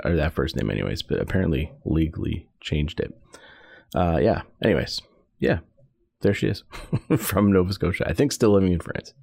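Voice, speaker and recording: Low-voiced man hosting late-night radio. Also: creaky, no room sound. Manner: relaxed, rambling, lots of fillers and self-corrections. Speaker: radio host. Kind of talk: casual radio DJ talk between songs. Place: small radio studio. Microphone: studio broadcast mic.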